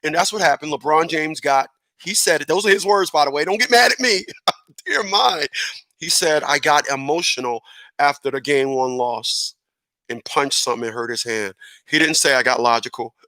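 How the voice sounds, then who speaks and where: Bright-voiced rambling male radio host. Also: on the high side, moderate pace, dry recording. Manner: animated, self-correcting, chuckling asides. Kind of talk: casual rambling monologue.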